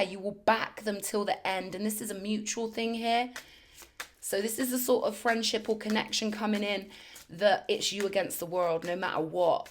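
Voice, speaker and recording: A woman doing a spiritual tarot reading, talking in emphatic, affirming bursts and repeating phrases for effect. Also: medium pitch. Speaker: tarot reader.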